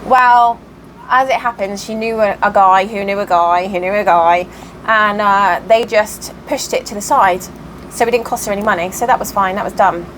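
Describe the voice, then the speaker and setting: A cross stitch vlogger sits at home by an open window, telling a long story in a chatty, rambling way full of fillers and restarts. Her voice is medium-pitched, steady and fairly bright, at normal speed. The recording is rough, with slight background noise.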